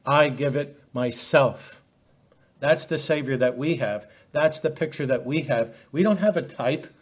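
A man's voice: on the high side, normal speed, a little mellow, husky. A middle-aged man preaching a sermon, emphatic and full of rhetorical questions.

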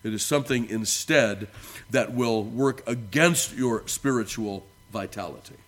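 A man preaching a sermon with earnest emphasis, his voice rising on key words and falling quiet at the ends of phrases, and reading scripture in a declaiming tone. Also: medium pitch, a little slow. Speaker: pastor.

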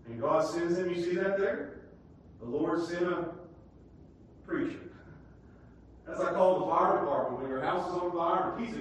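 A man preaching a sermon with great passion, dropping to a hush and then climbing to a shout. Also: fairly high pitch, normal speed, long pauses. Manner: impassioned preaching that swings from hushed to shouting. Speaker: pastor. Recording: echoey hall, distant mic, faint hiss.

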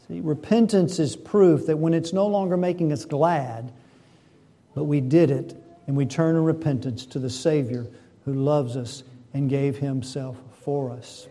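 Man, pastor, sermon, earnest and fervent, warm dark tone, slightly high pitch. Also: steady tone, measured pace. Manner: earnest, builds to fervent emphasis.

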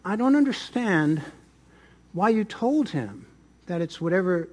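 A man's voice: sits high, lively intonation, measured pace, a little mellow. Preacher man doing a level-headed tiger who can't figure it out, sermon story. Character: sensible puzzled male tiger in a fable.

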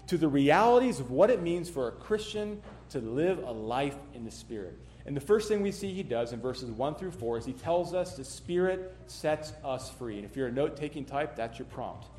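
A man preaching a sermon as a pastor, teaching emphatically and pushing key words louder before dropping back down. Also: a little high, echoey room. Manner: emphatic, rises and drops in volume for stress.

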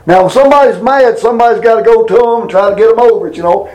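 Older guy preaching, kinda high voice, folksy, drags out the bible verses slow. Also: darkish tone, echoey room, muffled recording. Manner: colloquial, drawls scripture slowly and with emphasis. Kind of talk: folksy sermon.

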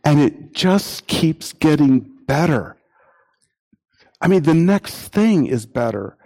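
Male preacher talking slow and steady, repeats himself for emphasis, acts out little quotes. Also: a little high. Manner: acts out imagined quotes in lively voices. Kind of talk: sermon.

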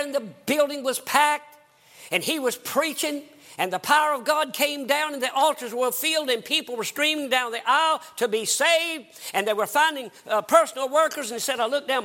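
His voice very high, pushed and bright, an older evangelist preacher from the American South gives a fervent sermon about his own conversion, rising to emphatic outbursts.

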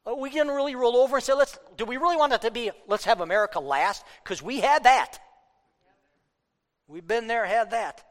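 A man preaching a fiery political sermon, worked up, swinging between loud outbursts and low asides. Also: in a large hall.

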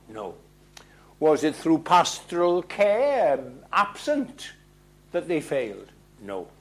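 A man preaching a sermon, emphatic, asking rhetorical questions and swinging between loud declarations and hushed lines. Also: on the high side, wildly swooping pitch, takes it slowly.

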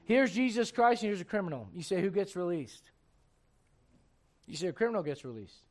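High-pitched guy preaching, folksy asides, goes quiet then yells. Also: sing-song, fairly quick. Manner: swings from hushed tender passages to loud shouting bursts; repeats words, folksy asides to the congregation. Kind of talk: sermon.

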